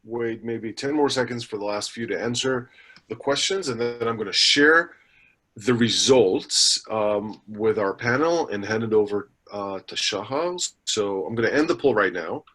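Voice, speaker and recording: A man's voice: on the low side, moderate pace, fairly bright tone. A man moderating a business webinar, reading the housekeeping and speaker introductions with some fillers and restarts. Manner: reads announcements with fillers and small restarts.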